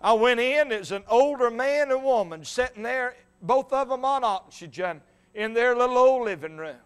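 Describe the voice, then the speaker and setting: A male evangelist preaching a fervent revival sermon, building to shouts and quoting old scripture. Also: extremely high pitch, animated, moderate pace, smooth. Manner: impassioned, rising to shouts, quotes old scripture.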